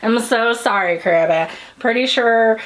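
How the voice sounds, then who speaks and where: American woman, fairly high voice, casual rambling chat, a bit sweary. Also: normal speed. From United States. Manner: chatty, rambling, sweary, upbeat. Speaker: podcast host.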